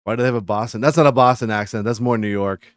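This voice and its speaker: A man's voice: mid-range voice, quick pace, smooth, no echo, clean studio sound. A man from Massachusetts chatting and ranting on a live game stream, reading viewer chat aloud.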